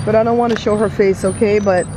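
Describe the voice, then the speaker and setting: A woman's voice: medium pitch, fairly even intonation, fast talker, background noise. A woman in her forties, chatting straight to her viewers as she films a vlog on a phone. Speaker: vlogger. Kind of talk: casual vlog narration.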